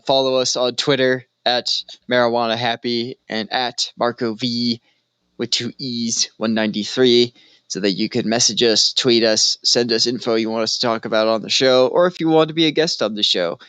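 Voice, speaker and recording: A man's voice: mid-range voice, a bit bright, smooth, no room sound. A man co-hosting a casual podcast, teasing dryly and laughing easily. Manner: dry, wry teasing with quick laughs. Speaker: podcast co-host.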